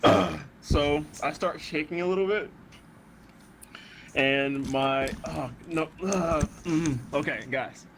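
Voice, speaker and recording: A man's voice: on the high side, animated, slow pace. A man playing a tabletop game, talking in a rambling way, swearing and laughing often. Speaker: player. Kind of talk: casual tabletop game chat. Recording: noisy home recording.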